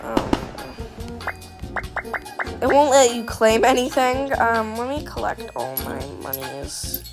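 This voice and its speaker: A young woman who makes gaming videos speaks slowly in a voice on the high side, over loud music. She gives casual, self-conscious gameplay commentary, rambling, apologizing and swearing as she plays.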